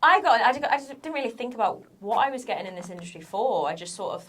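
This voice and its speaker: A woman's voice: a little high, animated, fast, fairly bright tone, a little hiss or hum. A woman chatting candidly as a podcast guest, with lots of filler words. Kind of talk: casual podcast conversation.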